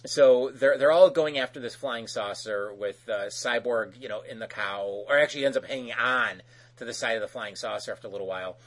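A man's voice: medium pitch, a little fast. A man casually recapping a cartoon episode as podcast host, rambling with many fillers.

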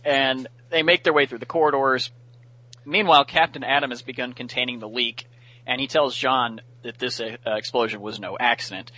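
A man's voice: medium pitch, steady tone, normal speed, pushed and bright, rough recording. Chatty man recapping a cartoon. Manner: chatty, laughs often, many fillers. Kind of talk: casual episode recap.

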